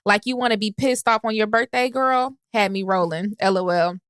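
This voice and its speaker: A woman's voice: mid-range voice, moderate pace, fairly bright tone, clear, resonant tone, dry recording, studio quality. A woman co-hosting a podcast, reading out listener comments with a joking, sassy manner. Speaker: podcast co-host.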